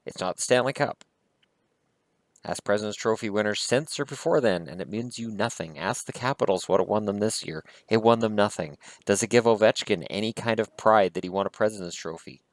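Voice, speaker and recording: A man's voice: on the low side, a little fast, no room sound. A man vlogging about hockey, talking in a heated, blunt and profane way. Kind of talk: casual opinion rant.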